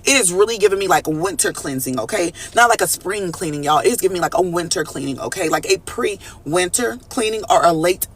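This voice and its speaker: A high-pitched man delivers a collective tarot reading at a rapid clip. He is animated and slangy, calling out to his viewers as he talks from a studio. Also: slightly rough. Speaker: tarot reader.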